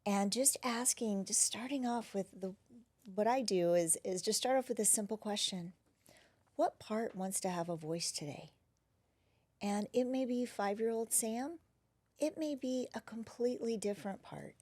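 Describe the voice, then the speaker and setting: A woman who is a wellness practitioner, talking gently and reflectively as an interview guest, often dropping to a soft near-whisper. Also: on the high side, normal speed. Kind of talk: casual interview conversation.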